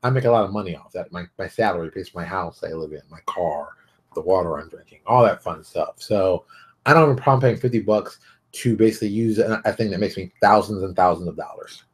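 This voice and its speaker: A middle-aged man with a lowish voice hosts his own show, talking straight to the viewer in a loose, unscripted way. He rants bluntly and gets animated as he hands out advice. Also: fast talker. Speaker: show host. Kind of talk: casual advice monologue.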